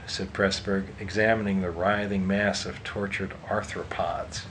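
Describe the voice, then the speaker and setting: A man reading a story aloud in a steady, measured way. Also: low voice, slight background noise, low-quality recording. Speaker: narrator. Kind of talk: audiobook narration.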